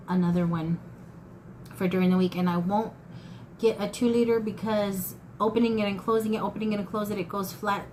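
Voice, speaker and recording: A woman's voice: mid-range voice, a little mellow, a little hiss or hum, poor audio. Chatty fifty-something woman vlogger. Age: 50s. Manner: chatty, folksy, addresses viewers as y'all. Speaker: thrift haul vlogger. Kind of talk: casual haul chat to camera.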